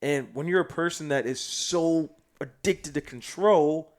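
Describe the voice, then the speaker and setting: A man from South Sudan, a podcast guest telling a story in casual chat. He is animated and slangy, and swings between loud bursts and hushed asides. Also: a little high, measured pace.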